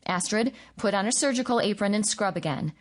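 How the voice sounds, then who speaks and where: A woman reading the part of a calm woman doctor who gives steady orders in an audiobook. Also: medium pitch, a little fast, natural voice. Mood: commanding.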